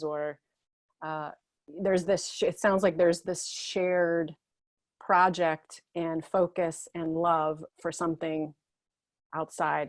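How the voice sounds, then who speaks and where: A woman hosting a talk show gathering over a video call, gently guiding participants and reading their chat messages aloud. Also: sits low, dry recording, studio quality.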